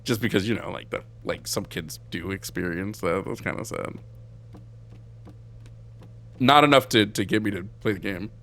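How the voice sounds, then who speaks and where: A man's voice: lowish voice, moderate pace, gravelly, pauses often, fairly bright tone. A young man streaming a video game live, making sarcastic, profane jokes as he plays.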